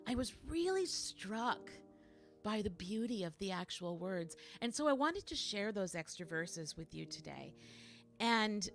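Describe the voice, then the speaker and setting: A middle-aged woman, a singer and show host, telling a story slowly and thoughtfully at home between songs on a livestream, with frequent restarts. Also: fairly high pitch, bright, forceful tone. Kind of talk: casual spoken intro between songs on a livestream.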